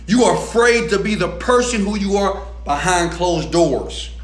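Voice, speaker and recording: A man giving a motivational rant, loud and profane, swinging between shouting and soft talk. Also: high-pitched, expressive, unhurried, roomy sound. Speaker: motivational speaker.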